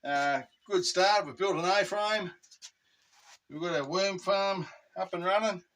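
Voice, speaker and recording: A relaxed Australian man talks his way through a backyard job, easygoing and full of slang. His voice sits a touch higher than most men's. He is picked up from a few steps off the mic, with steady noise behind him. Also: unhurried. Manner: laid-back, chatty, slangy. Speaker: channel host. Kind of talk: casual outdoor vlog. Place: outdoors at home garden. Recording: distant mic with clear background noise.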